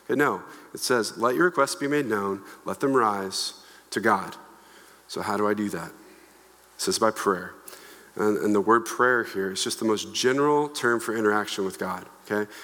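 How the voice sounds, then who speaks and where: A man in his thirties preaching a sermon from the stage in a conversational, animated way, with playful asides to the congregation. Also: lowish voice, moderate pace. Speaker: pastor. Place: church hall. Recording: long echo of a church hall.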